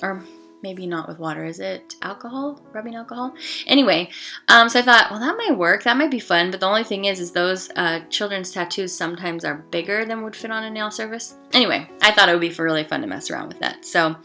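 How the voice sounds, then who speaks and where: Chatty young woman with a gravelly edge. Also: medium pitch, lively intonation, fast, sharp tone, soft background music. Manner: chatty, rambling, with many fillers and asides. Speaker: nail art vlogger. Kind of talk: casual voice-over tutorial.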